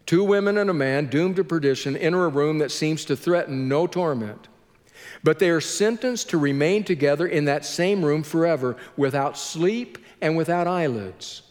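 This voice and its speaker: A man preaching a sermon as pastor, slow and earnest, with heavy pauses between phrases. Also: a little high, a little mellow, in a large hall.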